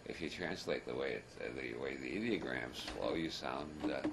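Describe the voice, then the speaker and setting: An older male lecturer with a rumbling low voice and vocal fry speaks at a moderate pace to a live audience. His talk is rambling and humorous, wry and chuckling, with self-deprecating detours, captured in a noisy archival audience recording.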